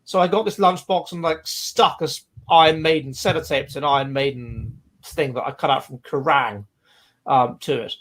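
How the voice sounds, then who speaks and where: A man's voice: medium pitch, normal speed, a bit bright. A man, hosting a livestream and reading out viewer comments in a rambling, digressive way. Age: 40s. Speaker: livestream host.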